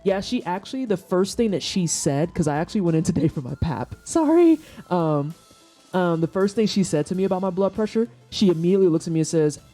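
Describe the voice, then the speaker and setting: A woman in her thirties chats casually with her stream viewers, telling stories bluntly and candidly and swearing freely. Her voice is on the low side, expressive, brisk and mellow, captured on a desk microphone for headphone listeners with soft music in the background.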